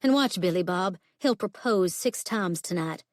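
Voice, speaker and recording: A woman's voice: on the low side, lively intonation, normal speed, no echo, studio quality, close to an everyday voice. A woman reading a blunt, sassy bar owner. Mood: bossy. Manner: blunt, teasing, down-to-earth.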